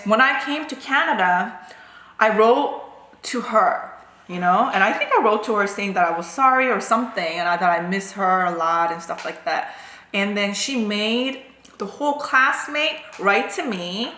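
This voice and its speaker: A woman's voice: mid-range voice, slight background noise. Chatty woman in an echoey room. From South Korea. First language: Korean. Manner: chatty, animated, full of "like" and "right?". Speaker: food vlogger. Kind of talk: casual storytelling.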